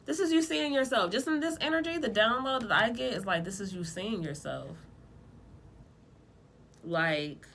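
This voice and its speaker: A woman giving a casual tarot reading, talking bluntly in lively slang with plenty of profanity. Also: fairly high pitch, normal speed, gravelly, pauses often, slight background noise. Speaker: tarot reader.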